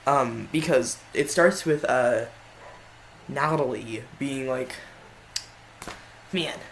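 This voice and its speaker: A man talking through a ranked list in a loose, rambling way, stumbling over his words and correcting himself as he goes. His pitch is mid-range, and faint background noise sits under the voice. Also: takes it slowly, gravelly, rough recording. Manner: rambling, frequent self-corrections. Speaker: video creator. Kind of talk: casual tier-list commentary.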